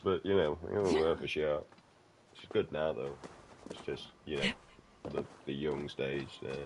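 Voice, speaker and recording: A man's voice: extremely low pitch, gravelly, background noise. A man chatting casually over gameplay, rambling, swearing freely and calling the listener mate. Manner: rambling, swears a lot, keeps saying "mate". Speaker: gaming channel host.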